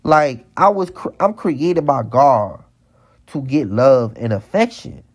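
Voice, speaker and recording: Slow and sing-song at a medium pitch, a man vlogs a heated ranting monologue. He repeats lines over and over and stammers into restart after restart.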